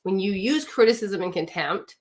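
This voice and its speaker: Woman coach, mid-pitched, direct and emphatic, live talk to women, throws questions at the audience. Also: expressive, normal speed, a little mellow. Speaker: marriage coach.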